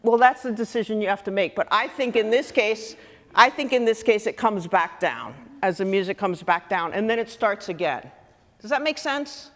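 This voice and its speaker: A woman clinician coaching a student wind band in rehearsal, lively and full of questions to the players. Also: medium pitch, moderate pace. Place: large theatre stage. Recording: long hall reverb.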